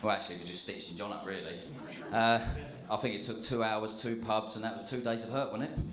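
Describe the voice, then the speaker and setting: A man's voice: on the low side, fairly even intonation, fairly quick, a crowd in the background. Joking best man in an echoey hall. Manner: jokey, chatty, with many fillers and asides. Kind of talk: wedding speech. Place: wedding reception venue, indoors.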